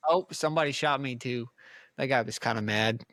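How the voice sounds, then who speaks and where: A man on a podcast cracking quick jokes and tossing out apologetic asides while he plays a game. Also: medium pitch, fairly bright tone, no room sound, studio quality. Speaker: podcast co-host. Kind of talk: joking banter while gaming.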